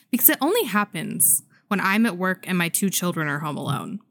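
A woman in her thirties co-hosting a casual podcast, telling a story with lively shifts and quoted voices. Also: moderate pace, no echo, studio quality. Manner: animated storyteller, jumps pitch for quoted voices, laughs often. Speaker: podcast co-host.

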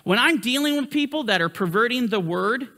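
A man teaching a Bible study sermon in an emphatic manner, his pitch swinging up and down to stress his points. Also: animated, a little fast, sharp tone.

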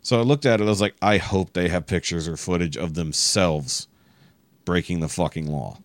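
A man with a very low voice tells a long, exasperated story on a podcast, cursing constantly as he goes. The sound is dry and close, with no room around it. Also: moderate pace, no room sound. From Texas. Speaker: podcast guest. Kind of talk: casual chat.

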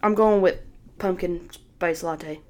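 A woman's voice: on the low side, slow pace, darkish tone. A young woman co-hosting a podcast, speaking in a casual, playful and blunt way with mock-grumpy jokes. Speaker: podcast co-host. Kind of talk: casual chat.

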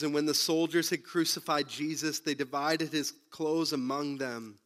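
A man preaching a sermon who retells the story dramatically, moving between loud bursts and hushed, low passages. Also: steady tone, normal speed, hardly any pauses. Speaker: pastor.

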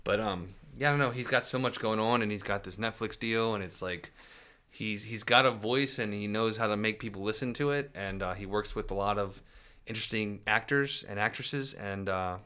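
A man with a low but bright, forceful voice chats casually on a podcast. He hesitates often and restarts his sentences. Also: moderate pace, clear, resonant tone. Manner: hesitant, many fillers and restarts. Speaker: podcast co-host. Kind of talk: casual chat.

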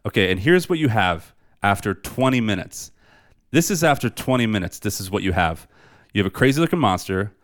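A man's voice: lowish voice, animated, fairly quick. A man co-hosting a podcast, chatting casually and enthusiastically about movies, loose and profane with lots of fillers. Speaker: podcast co-host. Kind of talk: casual movie review chat.

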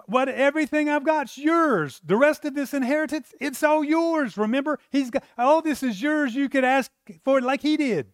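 A man's voice: very high voice, normal speed, few pauses, dry recording, clean studio sound, voice pushed up. A man preaching, voicing a loving father who earnestly pleads with his older son. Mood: pleading.

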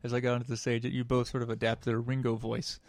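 A man on a casual comedy podcast, laid-back and quick to laugh. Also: mid-range voice, monotone, no echo, studio quality.

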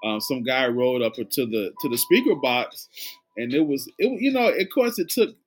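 A woman's voice: extremely low pitch, sing-song, moderate pace, faint music behind. A woman with a Southern country accent, co-hosting a casual chat and acting out quoted speech in a jokey way. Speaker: podcast co-host.

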